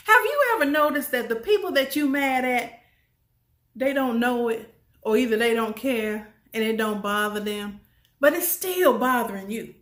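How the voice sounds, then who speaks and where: A woman's voice: on the high side, expressive, moderate pace, a bit bright. Woman doing a motivational talk, repeats herself, asks the crowd stuff, bit of an echoey room. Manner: emphatic and repetitive, folksy, asks the audience questions. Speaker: motivational speaker. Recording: roomy echo.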